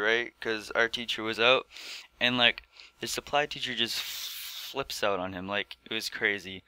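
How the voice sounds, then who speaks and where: A man's voice: medium pitch, pushed and bright, smooth, no echo. A teenage boy telling a storytime vlog in casual chat, rambling with lots of fillers. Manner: rambling, filler-heavy with many "like"s. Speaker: vlogger. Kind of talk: storytime commentary.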